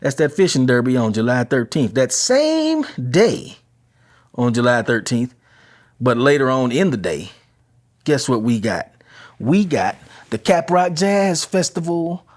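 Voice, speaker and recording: A man's voice: mid-range voice, darkish tone. Man, casual podcast host, chatty and easygoing, recorded at home. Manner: laid-back, chatty, talks straight to listeners. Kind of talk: casual community announcements.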